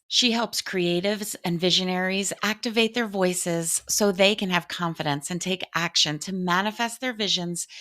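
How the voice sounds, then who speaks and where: A woman's voice: fairly low pitch, bright, forceful tone. A woman with a Southern US accent hosting an interview, talking in an effusive, gushing way. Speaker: podcast host. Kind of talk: casual interview chat.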